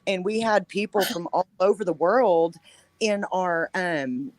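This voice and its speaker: A woman's voice: on the low side, measured pace, no echo. Chatty storytelling woman. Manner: animated storyteller, laughs often. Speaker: panelist. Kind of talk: casual chat.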